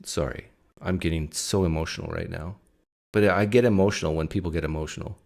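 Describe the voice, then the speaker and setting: Male live stream host, lowish voice, combative, keeps pressing questions. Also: a little fast, vocal fry, a little mellow. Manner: argumentative, fires off rhetorical questions. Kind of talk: casual live stream commentary.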